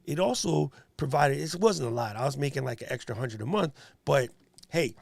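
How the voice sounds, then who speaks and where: Gravelly joking man from New York. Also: mid-range voice, normal speed, no echo. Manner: animated, joking, talks to viewers and chat. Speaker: livestream host. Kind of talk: casual livestream chat.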